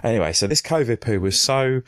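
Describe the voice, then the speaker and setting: A man's voice: medium pitch, lively intonation, fairly quick, a bit bright, no echo. A man co-hosting a podcast, telling long, crude, jokey stories in a rambling casual way. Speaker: podcast co-host. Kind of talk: casual storytelling chat.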